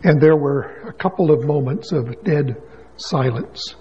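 A man's voice: a little high, a little slow, breathy edge. A man preaching a sermon as a pastor, telling a story in a conversational way and building to emphatic questions. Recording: dull lo-fi sound with long hall reverb.

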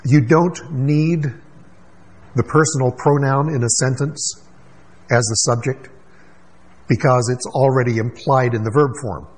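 A man preaching a sermon as pastor, emphatic, with rhetorical questions and quick asides. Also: mid-range voice, steady tone, darkish tone, husky, poor audio.

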